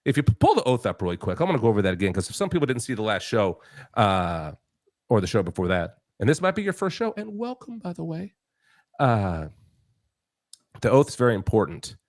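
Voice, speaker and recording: Emphatic talk show host. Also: male voice, lowish voice, no room sound, clean studio sound. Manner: emphatic, preachy, many restarts and rhetorical questions. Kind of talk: political talk show chat.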